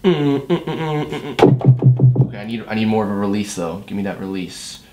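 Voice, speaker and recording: A man making a beat against the clock in a comedic vlog, talking himself through it with loud, profane chatter and mock-dad jokes. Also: lowish voice, normal speed, over loud music. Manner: hyper, profane self-talk while working; jokey mock-dad banter. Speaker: music producer. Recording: echoey room with steady noise.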